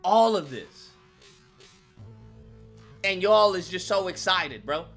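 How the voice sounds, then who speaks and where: A man's voice: sits high, expressive, slow, fairly bright tone, faint music behind. A man hosting his own channel, delivering an emphatic, profane commentary rant and repeating lines for effect.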